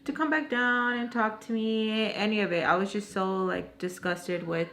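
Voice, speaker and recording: Storytime vlogger, woman with a mid-range voice, chatty and animated. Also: medium pitch, moderate pace. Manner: animated, acts out quoted dialogue; rambling, self-correcting asides. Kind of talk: casual storytime retelling.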